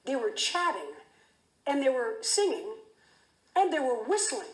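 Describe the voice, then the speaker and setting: A woman's voice: high-pitched, very animated, measured pace. A woman giving a keynote speech, telling an intense story vividly with frequent restarts. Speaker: keynote speaker. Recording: roomy echo.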